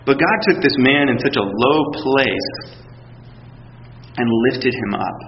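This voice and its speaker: A man's voice: mid-range voice, lively intonation, slow pace, noisy background. Man preaching in an echoey hall. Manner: conversational storytelling with frequent restarts and acted quotes. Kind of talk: sermon. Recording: echoey hall, dull sound.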